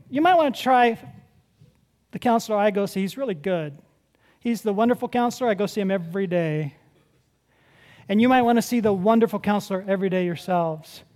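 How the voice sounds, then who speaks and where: In a mid-range voice, a pastor preaches conversationally and with animation. He asks the congregation rhetorical questions, alternating between loud and quiet passages.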